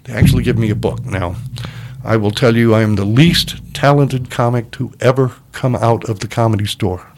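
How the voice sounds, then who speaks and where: An older man tells a comedy club story in casual conversation. He keeps shifting into the voices of the people he quotes, animated and theatrical. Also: mid-range voice, normal speed, a little hiss or hum. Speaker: guest comic telling a story.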